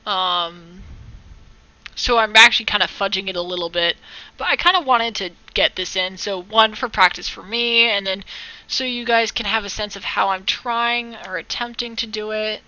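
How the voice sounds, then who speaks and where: A woman's voice: medium pitch, normal speed, bright, forceful tone, lo-fi sound. A woman giving a casual live-stream tutorial on digital art, rambling, joking and correcting herself as she chats with viewers. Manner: rambling, jokey, self-correcting, talks to chat.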